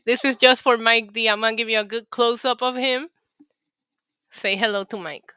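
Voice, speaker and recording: Bright, chatty woman streamer. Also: a little high, takes it slowly, long pauses, no room sound. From New York City. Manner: chatty, laughs often, reads chat aloud. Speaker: livestream host. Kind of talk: casual livestream chat.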